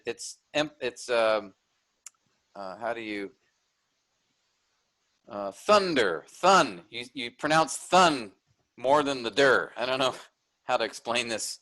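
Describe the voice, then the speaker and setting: A man's voice: mid-range voice, a bit bright, poor audio. A man teaching an online workshop, explaining a text step by step and checking in with his listeners.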